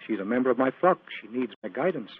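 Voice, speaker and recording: A man's voice: mid-range voice, animated, quick pace, breathy edge. An actor playing an agitated male clergyman in 1940s radio-drama style, speaking in an earnest, anxious and imploring way. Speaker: reverend. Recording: tinny, dry old radio broadcast.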